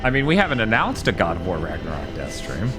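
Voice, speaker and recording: A man's voice: low-pitched, wildly swooping pitch, quick pace, over music. A man co-hosting a live game stream, chatting casually in a rambling way and swearing now and then. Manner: rambling, swearing, loose storytelling. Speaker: streamer co-host.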